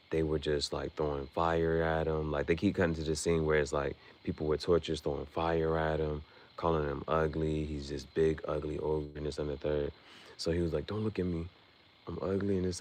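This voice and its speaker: A man casually recapping an anime episode on his stream, in a loose, chatty way full of fillers and restarts. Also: deep voice.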